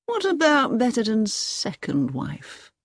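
A woman's voice: a little high, wildly swooping pitch, slow pace, no echo, clean studio sound, pitched above the performer's own voice, heavily acted. Woman doing an agitated army colonel. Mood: urgent. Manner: loud exclaiming, urgent. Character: agitated male army colonel, middle-aged, impatient. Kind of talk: audiobook reading.

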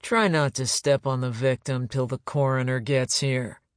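A man's voice: medium pitch, fairly even intonation, normal speed, dry recording, studio quality, close to an everyday voice. A male narrator voicing a brash male police detective who cracks sardonic jokes. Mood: wry. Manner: sardonic, joking.

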